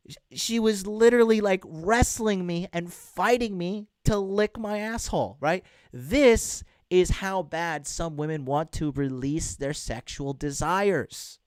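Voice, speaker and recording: A man's voice: high-pitched, clear, resonant tone, no room sound, clean studio sound. A man hosting a casual livestream as a dating coach, talking bluntly and crudely to viewers and reading out chat.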